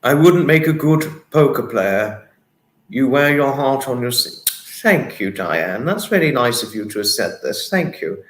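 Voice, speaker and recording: A man's voice: mid-range voice, sing-song, unhurried, a bit bright, echoey room. A man hosting a casual livestream, reading chat comments and thanking viewers in an apologetic, effusive, giggly manner. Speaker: livestream host.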